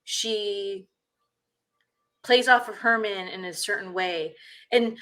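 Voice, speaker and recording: Woman podcast host, mid-pitched, blunt and rambling, loose casual chat. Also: slow pace, pauses often, a bit bright. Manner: blunt, rambling, many fillers.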